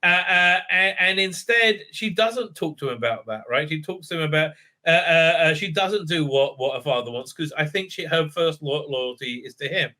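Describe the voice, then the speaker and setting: A man's voice: fairly high pitch, moderate pace, pushed and bright. A man giving a casual spoiler recap and review of a TV episode, rambling with lots of fillers and "right?", breaking into enthusiastic praise. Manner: rambling, heavy fillers, keeps asking "right?". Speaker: TV show reviewer.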